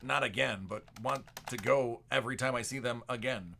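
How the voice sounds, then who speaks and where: A man's voice: mid-range voice, normal speed, gravelly, pushed and bright, a little hiss or hum. A man hosting a sports card break livestream, chatting and joking casually with his viewers.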